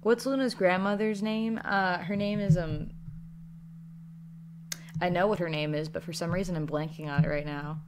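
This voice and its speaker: A woman with a Southern American accent chats through viewer questions in a loose, rambling way. She often breaks into small laughs between thoughts. Her voice sits a little on the low side. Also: fairly even intonation, normal speed, pauses often, background noise. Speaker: YouTuber answering viewer questions. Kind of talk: casual Q&A chat.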